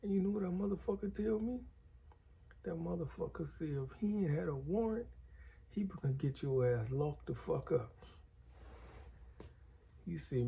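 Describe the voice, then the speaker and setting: A man's voice: a little high, lively intonation, measured pace, vocal fry, pauses often, dark tone, husky. A man telling a story in a loose, slangy and profane way. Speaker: guest storyteller. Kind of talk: casual storytelling.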